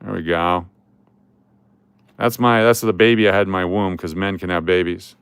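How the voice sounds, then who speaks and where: In his casual vlog, a middle-aged coin collecting host looks over old photos, rambling, joking, chuckling and restarting as thoughts trail off. He speaks at a normal speed in a low, steady voice that is fairly bright, clear and resonant, with no room sound.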